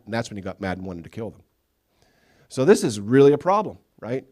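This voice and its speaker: Animated man preaching a sermon. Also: lowish voice, fast talker. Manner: animated storytelling, acting out biblical characters with humor. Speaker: pastor. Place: church sanctuary.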